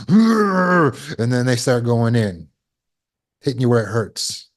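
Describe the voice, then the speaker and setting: A man's voice: lowish voice, animated, measured pace. A man giving a spoken lesson to an online audience. As a healing course teacher, he asks rhetorical questions and repeats words while he thinks.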